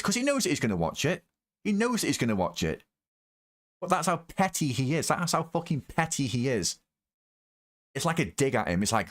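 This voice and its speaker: A man's voice: medium pitch, sing-song, brisk. A man doing live reaction commentary, ranting angrily and swearing heavily about the person in the clip. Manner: angry, profane ranting. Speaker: reaction video host.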